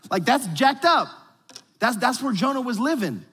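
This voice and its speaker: A man preaching a sermon with casual, animated delivery and slangy asides. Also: extremely high pitch, moderate pace, breathy edge, long reverb tail. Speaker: pastor.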